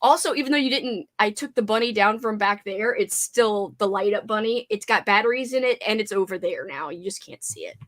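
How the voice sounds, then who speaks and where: A young woman hosting a casual livestream chat, giggly and animated, swearing now and then. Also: mid-range voice, brisk, few pauses. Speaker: channel host.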